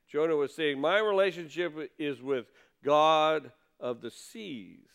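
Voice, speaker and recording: A male pastor delivers a sermon in a smooth, clear voice, pitched a little high. He preaches earnestly, lifting his voice for quoted questions and sinking low for quieter asides. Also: animated, measured pace.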